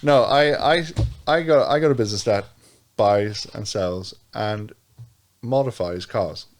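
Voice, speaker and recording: A man's voice: on the low side, a little slow. Sweary, rambling man chatting as a guest. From Australia. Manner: rambling, sweary, laughs a lot, restarts often. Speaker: podcast guest, car dealer. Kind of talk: casual chat.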